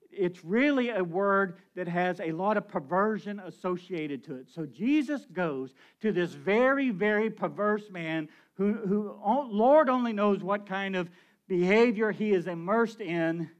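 High-voiced pastor preaching a lively sermon. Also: male voice. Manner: animated, with rhetorical questions and chuckles.

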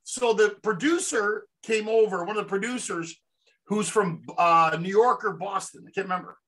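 High-pitched dude hosting, bright edgy voice, swears a lot, super animated. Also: male voice, moderate pace, low-quality recording. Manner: animated, profane storyteller. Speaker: podcast host. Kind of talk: casual interview chat.

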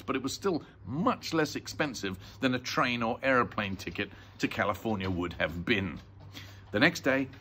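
An older man reading a children's book aloud in an expressive, lilting way. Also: mid-range voice, slight background noise. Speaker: storyteller.

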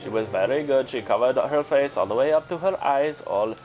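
A man's voice: mid-range voice, fairly quick, dull audio, over music, voice pushed up, close to an everyday voice. A man putting on a stilted storyteller voice to tell a mock tale of his boyhood. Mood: mock-solemn. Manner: formal, stilted phrasing.

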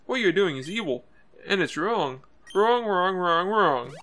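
A man's voice: high-pitched, animated, normal speed, fairly bright tone. A man doing a preachy singing do-gooder. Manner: repetitive, moralizing, sing-song. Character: earnest preachy young man who sings.

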